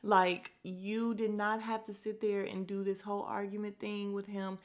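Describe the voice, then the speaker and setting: A woman hosting a podcast, giving a blunt, opinionated recap of a reality show, swearing freely and quickly acting out the cast's lines. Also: mid-range voice, flat delivery. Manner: acts out cast members' lines in quick asides. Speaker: podcast host.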